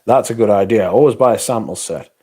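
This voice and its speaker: A man's voice: fairly low pitch, fairly quick, mellow, husky. A British man hosting a casual livestream, reading chat and answering in a blunt, sarcastic, sweary way.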